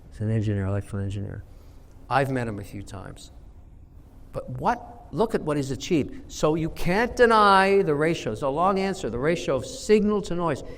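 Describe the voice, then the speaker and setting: A man in his sixties, his voice slightly high with a long reverb tail, appears as an investor guest in an interview. He answers with blunt, emphatic anecdotes.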